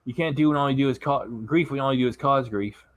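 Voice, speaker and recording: Hosting a reaction channel's live stream, a man chats loosely and reads viewers' messages out loud, fumbling the names. He's tired and yawns now and then, talking fast at an ordinary pitch, recorded close and dry with no room sound.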